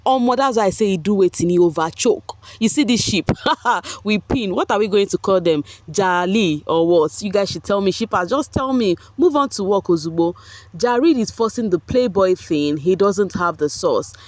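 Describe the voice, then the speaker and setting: A woman giving animated gossip commentary on a reality show to her viewers. She laughs often and drops pidgin exclamations. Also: mid-range voice, moderate pace.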